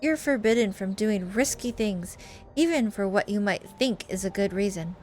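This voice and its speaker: A woman's voice: medium pitch, normal speed, a little mellow, faint music behind, lightly acted. A woman doing a brusque, dismissive cousin. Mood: stern. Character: curt, guarded young woman cousin.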